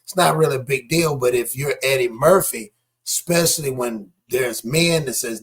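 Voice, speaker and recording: A man's voice: medium pitch, moderate pace, slightly rough. A man giving casual, skeptical commentary on news clips, talking straight to his viewers.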